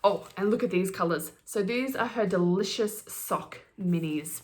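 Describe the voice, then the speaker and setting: A middle-aged woman talks fast in a casual knitting podcast chat. She gushes and gets giddy over each skein she unboxes. Her voice sits at an ordinary middle pitch for a woman. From Australia. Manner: gushing, fast-talking, giddy.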